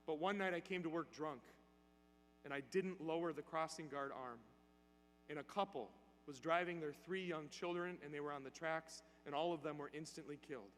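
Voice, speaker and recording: A man's voice: fairly high pitch, a bit bright, close to an everyday voice. A priest putting on a bitter dying old man. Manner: angry, then weary and defeated. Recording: church hall reverb, faint hum.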